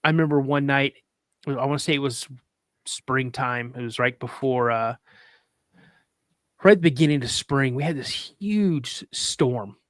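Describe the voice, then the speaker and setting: A man's voice: medium pitch, normal speed, pauses often, dry recording, studio quality. A man, a podcast guest, telling a story in casual chat, rambling with restarts and fillers and acting out other people's lines in a raised voice.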